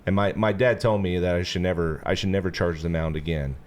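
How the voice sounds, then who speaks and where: A podcast host with a low, slightly fast voice tells a long story in a casual chat. He's relaxed and animated, packing in "you know" fillers and acting out the quotes in bursts.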